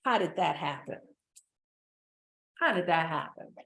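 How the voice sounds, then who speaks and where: A woman business coach giving an energetic motivational talk, repeating phrases for emphasis. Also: mid-range voice, moderate pace.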